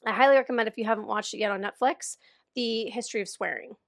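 A woman's voice: on the high side, fast talker. A young woman co-hosting a podcast in casual chat, laughing often and swearing freely. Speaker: podcast co-host.

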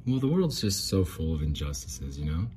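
A middle-aged man with a low, dark voice vents in a loose, rambling monologue, swearing as he goes. The faint hum of outdoor noise sits behind him. He sounds aggrieved and keeps circling back to his complaints. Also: very animated, moderate pace. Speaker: podcast host. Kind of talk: casual ranting monologue. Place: outdoors near an apartment complex.

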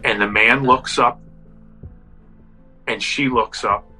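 A man's voice: mid-range voice, takes it slowly, breathy edge, soft background music, low-quality recording. A man casually telling a spooky story, acting out the people in it. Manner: animated, acts out quotes. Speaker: guest storyteller.

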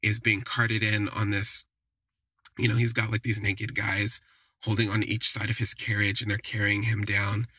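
Husky-voiced man telling a story. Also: lowish voice, little pitch movement, moderate pace, pushed and bright, dry recording. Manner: chatty, lots of "like" fillers, wry. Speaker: podcast host. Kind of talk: casual first-person storytelling.

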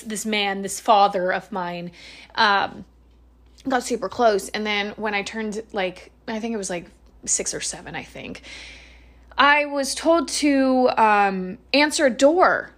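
A woman's voice: medium pitch, a bit bright. Woman swearing her way through a ramble. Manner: rambling, swears freely, laughs between lines. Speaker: podcaster. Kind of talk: casual personal storytelling monologue.

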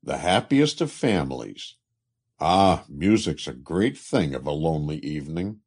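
A man's voice: very deep voice, very animated, a little slow, darkish tone, slightly rough, full character voice. A man voicing Billy, a cheerful lonely working man with homespun talk. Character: cheery lonely man, strong-handed cobbler.

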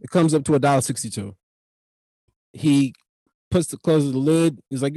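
New guy ranting a funny story, cussing a lot, dry close sound, middle pitch. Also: moderate pace, pauses often, dry recording. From New York. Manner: profane, animated, rambling. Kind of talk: comic storytelling monologue.

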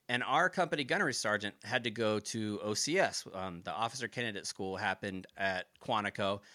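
A man's voice: on the low side, no echo, studio quality. A former Marine man telling stories from his service in a casual interview, cursing freely and acting out quoted dialogue. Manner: profane, animated retelling with quoted dialogue. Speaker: podcast guest, former Marine.

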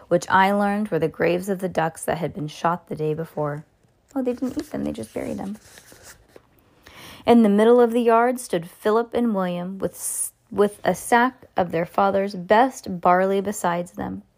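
A woman reading a children's story aloud, lively, with small slips and side comments. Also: medium pitch.

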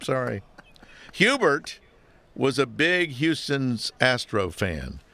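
A man's voice: medium pitch, very animated, slow, creaky, sharp tone, no echo. A man co-hosting a podcast in casual chat, jokey and wry, slipping into announcer mode for the sign-offs. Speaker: podcast co-host.

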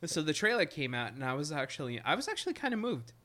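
A man's voice: on the high side, sing-song, fast talker, sharp tone. A man co-hosting a podcast in casual chat, making crude jokes and acting out quotes in his stories. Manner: crude jokey banter, acts out quotes. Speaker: podcast co-host.

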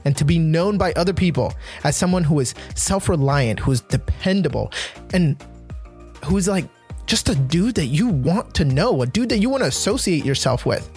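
A man hosting a motivational talk for men, speaking earnestly and emphatically, slowing down to repeat his key points. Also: fairly high pitch, lively intonation, darkish tone, soft background music. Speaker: men's motivational podcast host.

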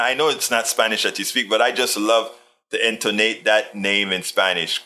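Animated man with a bright voice. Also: on the low side, moderate pace. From Hawaii. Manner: animated, emphatic, repeats himself. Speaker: livestream host reading viewer comments. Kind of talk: casual political commentary.

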